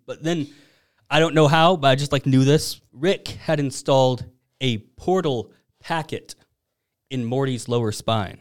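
A young man casually telling a long story in an animated, giggly way with lots of fillers. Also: mid-range voice, measured pace, clean tone. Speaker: podcast co-host.

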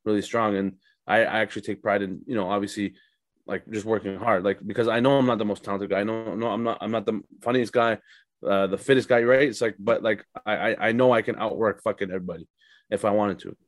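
A man's voice: on the low side, steady tone, quick pace, no room sound. A young man, a stand-up comic, chatting casually on a podcast with lots of fillers and swearing. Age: young adult. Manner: loose, profane, rambling with many fillers. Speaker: stand-up comedian, podcast guest.

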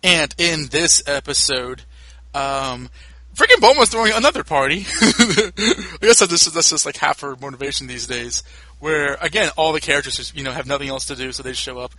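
A man's voice: a little high, animated, normal speed, pushed and bright, no room sound, low-quality recording. A man hosting a podcast, recapping episodes in a casual, rambling way with lots of fillers and restarts, recorded on a home mic over a call. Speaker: podcast host.

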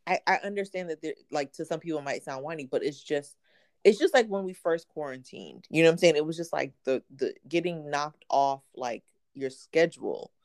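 A woman's voice: low voice, lively intonation, fairly quick, darkish tone. A woman in casual conversation, talking animatedly with lots of "like" and frequent laughter. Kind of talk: casual chat.

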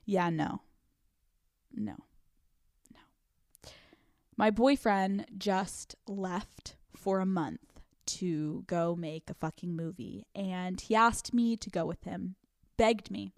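A woman's voice: mid-range voice, takes it slowly, no echo. A young woman hosting her podcast, talking on a studio mic in a very dry, close sound with no room around her. She speaks in a mid-range voice, candid and profane, breaking into laughs mid-sentence. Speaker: podcast host. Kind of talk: casual confessional podcast monologue.

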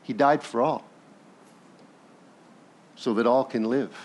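A male pastor preaching a sermon in a conversational, animated way, asking the congregation questions and briefly acting out characters from the story. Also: mid-range voice, takes it slowly. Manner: animated, acts out biblical characters in passing.

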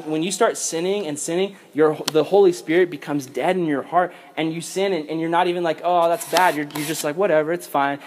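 A man giving a casual, animated sermon to young people, then leading a prayer. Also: a little high.

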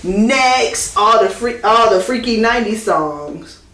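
Animated laughing woman podcast host, roomy sound. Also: a little high, slow, distant mic. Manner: animated, laughs often, excitable storytelling. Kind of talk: casual chat. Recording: roomy echo with faint noise.

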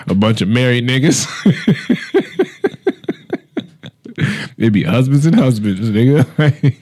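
A man co-hosting a podcast, telling loud, profane comedic stories with put-on voices. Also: mid-range voice, expressive, slow, long pauses, husky. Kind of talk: casual comedic chat.

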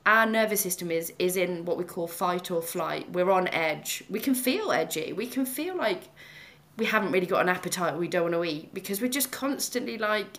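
A woman's voice: fairly low pitch, expressive, moderate pace, a bit bright. A woman, a mindfulness teacher chatting casually on a podcast in a reassuring, talkative way.

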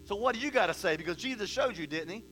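Bright high-voiced man preaching. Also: lively intonation, fast talker, a little hiss or hum. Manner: preaching with rhetorical questions, reading scripture aloud. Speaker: pastor. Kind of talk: sermon. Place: church hall.

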